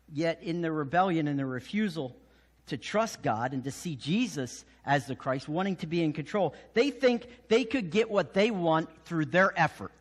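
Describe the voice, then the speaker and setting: A man preaching a sermon as pastor, telling the story with lively acted voices and sudden hushed drops. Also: on the high side, big-room sound. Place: church sanctuary.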